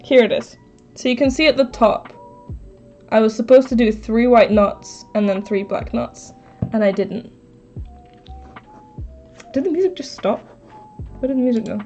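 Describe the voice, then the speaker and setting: A woman with a fairly high voice chats casually on a live stream, thinking aloud and talking back to her viewers. The audio is a bit dull, with soft music playing underneath. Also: normal speed, long pauses. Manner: chatty, thinks aloud, answers chat. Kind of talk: casual live-stream chat while crafting.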